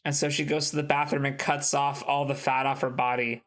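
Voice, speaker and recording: A man co-hosting a podcast, casually retelling film plots in a rambling, animated way. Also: medium pitch, brisk. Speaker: podcast co-host. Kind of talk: casual chat.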